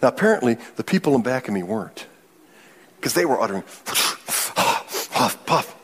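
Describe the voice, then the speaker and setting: A middle-aged man preaching a sermon, telling stories in an animated way and laughing often. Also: mid-range voice, fast, breathy edge. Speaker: pastor.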